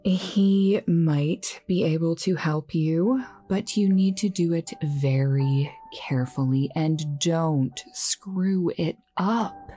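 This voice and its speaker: A woman's voice: deep voice, slow, few pauses, warm tone, husky, faint music behind, exaggerated voice. A woman playing a stern, chiding voodoo-wise friend. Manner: chiding, like a disappointed mother. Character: stern young woman versed in voodoo lore. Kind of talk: horror story narration.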